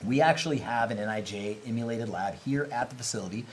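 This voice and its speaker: A man's voice: medium pitch, quick pace, a little hiss or hum, low-quality recording. A man hosting a casual livestream, talking openly and rambling, laughing easily as he answers questions. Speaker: host, company representative.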